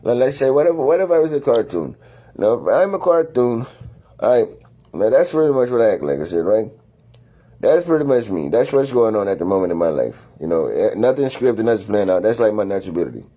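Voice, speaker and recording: A man's voice: lowish voice, sing-song, brisk, warm tone. A man talking to the camera in a loose, meandering monologue full of slang and cursing, after a few drinks. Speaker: vlogger. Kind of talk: rambling casual monologue.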